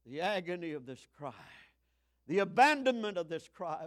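A man in his seventies preaching a fiery sermon, swinging from shouts to hushed tones. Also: fairly high pitch, sing-song, moderate pace. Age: 70s.

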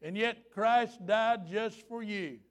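A man in his fifties preaching a fervent, folksy revival sermon, rising at times to shouts. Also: sits high, slow pace.

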